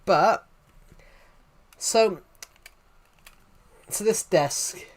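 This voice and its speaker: On a live stream, an Englishman with a Southwest accent chats casually, rambling and replying to viewers' messages. His voice sits fairly high and moves at a normal speed. He restarts often as he goes.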